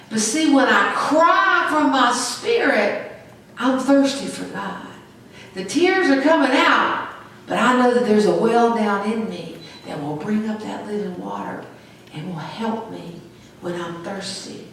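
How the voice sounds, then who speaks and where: A woman's voice: on the high side, animated, unhurried, a bit bright, a little hiss or hum. A woman pastor preaching a sermon with emphatic call-and-response. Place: church sanctuary. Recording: echoey church from far off.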